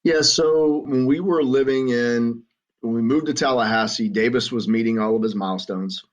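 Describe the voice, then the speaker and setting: A middle-aged man with a Southern American accent, telling his story as a podcast guest in an earnest, halting way with frequent restarts. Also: medium pitch. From Southern United States. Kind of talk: conversational storytelling. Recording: muffled lo-fi audio.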